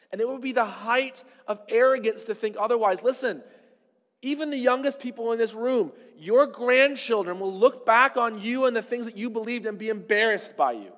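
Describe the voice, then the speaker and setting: Long, ringing echoes fill what sounds like a big church sanctuary as a high-voiced male pastor preaches. His tone with the congregation stays conversational, and rhetorical questions come up again and again.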